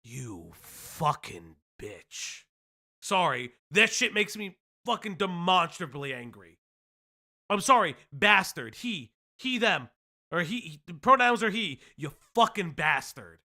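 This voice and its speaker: A man with a high, lively voice hosts a live commentary stream, swinging widely in pitch as he talks. His tone is very bright and sharp, and he curses freely in explosive bursts. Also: a little slow. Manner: profane, explosive ranting. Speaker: stream host.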